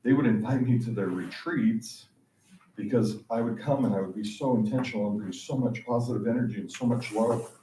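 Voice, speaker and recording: A man's voice: on the low side, a little fast, dark tone, a little hiss or hum. A man in a class candidly sharing a personal story, hesitant and full of fillers. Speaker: class participant. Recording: echoey room, distant mic.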